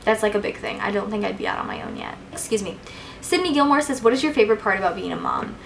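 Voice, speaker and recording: In this laid-back Q&A vlog, a young adult woman responds to her viewers animatedly and quickly, her medium-pitched voice gravelly and sprinkled with fillers and "like." There's slight background noise, and the audio quality is poor.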